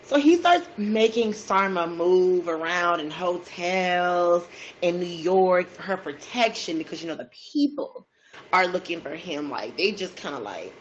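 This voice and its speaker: A woman casually retelling a true crime story over a food video, chatty and slangy, with drawn-out asides. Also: fairly low pitch, expressive, muffled recording, a little hiss or hum.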